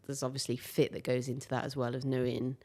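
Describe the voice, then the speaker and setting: A woman hosting a podcast, telling rambling, animated anecdotes in a conversational interview. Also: very deep voice, fast. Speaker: podcast host.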